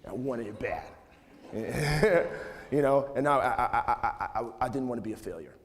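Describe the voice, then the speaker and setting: A man in his thirties speaking casually to an audience, relaxed and conversational with many fillers. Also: mid-range voice, normal speed. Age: 30s. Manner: relaxed and conversational, full of "you know" and "like", laughs often. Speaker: speaker giving a talk to students. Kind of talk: casual, candid talk to an audience. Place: large hall. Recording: long hall reverb.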